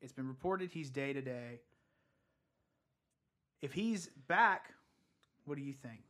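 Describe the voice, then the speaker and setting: A man co-hosting a casual fantasy football chat, opinionated and quick to argue his picks, laughing easily. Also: medium pitch, expressive, fairly bright tone. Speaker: podcast co-host.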